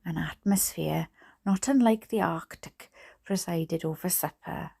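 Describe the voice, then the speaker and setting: Husky-edged Welsh woman reading aloud. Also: on the low side, measured pace, mellow. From Wales. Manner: chatty asides, laughs at own mistakes. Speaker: storybook reader. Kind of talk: reading a book aloud at bedtime.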